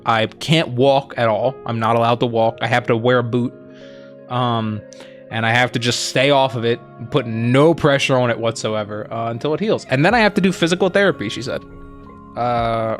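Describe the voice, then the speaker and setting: A man casually telling a long story on a stream, rambling with lots of fillers and quoting the people he met, animated as he retells it. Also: medium pitch. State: injured foot, on crutches. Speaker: streamer co-host.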